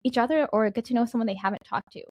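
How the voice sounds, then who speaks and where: A woman's voice: a little high, rapid-fire, darkish tone, dry recording. A woman who is an events director, a guest on a casual interview show, talking easily.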